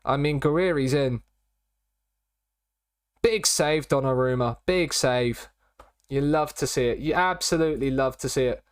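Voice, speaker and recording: A man's voice: medium pitch, measured pace, long pauses, clean tone, dry recording, clean studio sound. Chatty man streaming a game. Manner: chatty, rambling, repeats catchphrases. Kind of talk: casual live-stream commentary.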